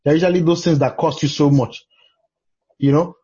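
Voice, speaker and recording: Nigerian male preacher, very raspy and mellow, exclamation-heavy storyteller, muffled lo-fi audio. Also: on the high side, steady tone, normal speed. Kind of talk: preaching in conversation.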